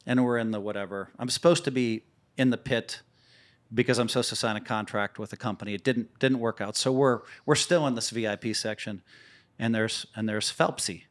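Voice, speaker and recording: A man as a guest on a podcast, telling lively stories in casual, profane talk that stumbles and restarts. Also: medium pitch, fairly quick. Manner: animated, profane, repeats words as he restarts. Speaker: poker player guest. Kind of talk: casual storytelling.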